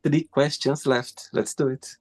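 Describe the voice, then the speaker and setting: A man's voice: mid-range voice, fairly even intonation, unhurried. A man hosting an interview, encouraging and enthusiastic, with broken phrasing. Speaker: host.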